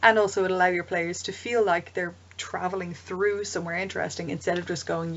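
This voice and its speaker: A woman talks through tips for running tabletop games in a loose, chatty vlog style. Her voice sits low for a woman, and she drifts into asides with frequent ums. The recording is dull and lo-fi. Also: steady tone, a little fast, few pauses. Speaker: game master advice vlogger. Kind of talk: casual explanatory vlog.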